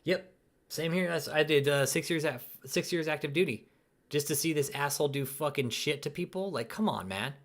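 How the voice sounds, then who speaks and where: A man's voice: fairly high pitch, moderate pace. A young man hosting a live stream, ranting angrily with heavy swearing and tagging his lines with "dude" and "man". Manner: angry, profane, repeats "dude" and "man". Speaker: channel host.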